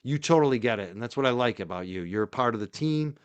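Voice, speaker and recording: A man's voice: medium pitch, animated, fast, clean tone, lo-fi sound. A man hosting his own livestream show, talking casually and emotionally, moved and grateful, then indignant. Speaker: podcast host.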